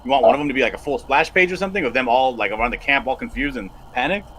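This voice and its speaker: A man's voice: medium pitch, very fast, pushed and bright, low-quality recording. A man hosting a casual live stream, bluntly directing and thinking aloud while he draws a comic page. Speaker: comic artist and stream host.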